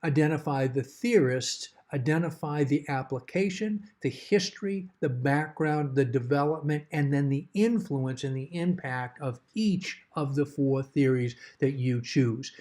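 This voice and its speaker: A middle-aged man explaining a course assignment in a measured, emphatic way, repeating key words to stress them. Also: on the high side, dark tone. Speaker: course instructor. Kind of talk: recorded course assignment overview.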